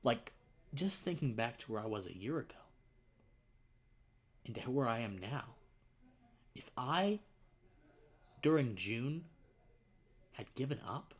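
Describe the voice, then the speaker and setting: On his own livestream, a young man earnestly shares something personal in a medium-pitched voice that is very animated yet slow, with frequent pauses. Tears come as he chokes up, and his words fall to near whispers.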